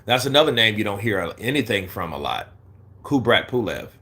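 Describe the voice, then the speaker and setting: Talking straight to his chat from a desk mic, a man hosts a casual boxing commentary livestream at a normal speed. His bright, forceful voice swings widely in pitch, climbing high when he gets heated, and between rants he slips into low, mumbled asides.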